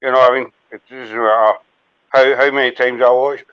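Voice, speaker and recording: A man's voice: mid-range voice, steady tone, brisk, clear, resonant tone, muffled recording. A man chatting casually as a podcast co-host, rambling with restarts and fillers. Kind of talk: casual chat.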